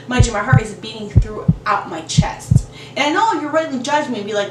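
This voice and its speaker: A young woman vlogger telling a story in a casual, animated way, full of "like" and quick asides. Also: high voice, echoey room, distant mic, background noise.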